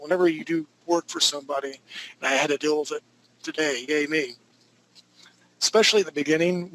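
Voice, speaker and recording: A man with a fairly high voice teaches a live online art class. He rambles casually, jumping into jokey stories and quick asides as he goes. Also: fairly bright tone, poor audio.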